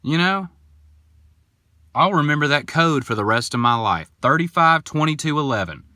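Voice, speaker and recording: A young man hosting a podcast, telling a story in a casual, animated and indignant way, acting out the people in it. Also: on the high side, normal speed, no room sound, clean studio sound. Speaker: podcast host.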